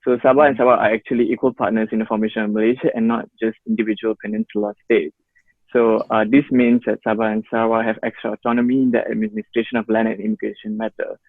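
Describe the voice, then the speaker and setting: A man interviewing, talking quickly and leaning on "you know". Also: fairly low pitch, flat delivery, no room sound. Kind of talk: casual interview talk. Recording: tinny phone-like line.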